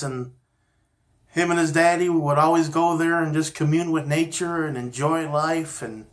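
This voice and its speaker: A man telling a story in a gentle, unhurried, folksy way, as host of a storytelling series. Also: a little high. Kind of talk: storytelling narration.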